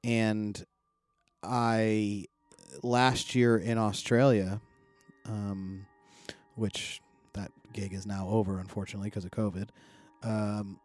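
A middle-aged man chatting as a podcast co-host, telling a long, rambling story full of swearing and loud quoted outbursts. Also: fairly low pitch, slow, pauses often, no echo, soft background music. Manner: rambling, profane, animated when quoting others. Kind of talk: casual chat, storytelling.

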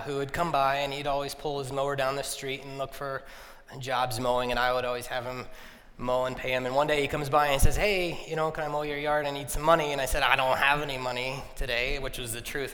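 A man in his thirties telling a personal story to an audience, self-deprecating and humorous, and animated when he relives arguments. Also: mid-range voice. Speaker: speaker. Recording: long reverb of a large hall.

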